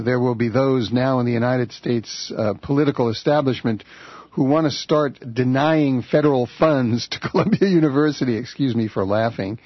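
A man's voice: medium pitch, dry recording, dull audio. A man guest-hosting a political talk radio show from a studio, talking in a conversational, wry way with filler uhs.

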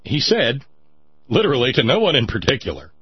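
Male talk host, sardonic monologue, animated delivery, dry close sound. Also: mid-range voice, fairly quick, husky, no echo, dull audio. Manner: sardonic, mocking, dry asides. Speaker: political commentary host. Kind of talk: sarcastic political monologue.

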